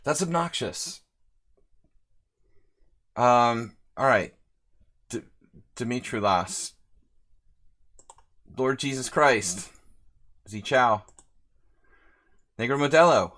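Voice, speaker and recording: A man's voice: medium pitch, animated, very slow, pauses often, fairly bright tone. A man hosting a live chess stream, chatting casually and rambling as he reads out viewer names.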